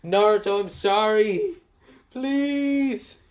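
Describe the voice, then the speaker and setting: A man's voice: high voice, extremely slow, pitched above the performer's own voice. A man voicing a whiny adult male ninja who wails and pleads in a raised voice, in a spoken fan story. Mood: wailing. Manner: wailing, pleading.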